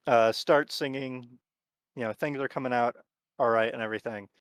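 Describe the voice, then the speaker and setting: A man narrating as game master of a tabletop horror game, talking in a relaxed, rambling way with lots of fillers. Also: mid-range voice, normal speed, clear, resonant tone, no room sound.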